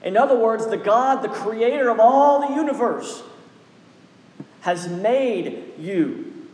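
A man's voice: very high voice, lively intonation, slow pace, a little mellow, echoey room, in a large hall. A man preaching a sermon as a pastor, urging his listeners with a repetitive, exhorting cadence.

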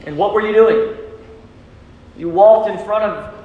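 A man preaching to his church with a high, ringing voice. He leans on emphatic lines and throws questions out to the congregation for them to answer. The sound carries a long, booming reverb from the sanctuary around him. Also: measured pace, narrow, tinny audio. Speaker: pastor. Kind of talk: sermon. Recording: echoey church hall.

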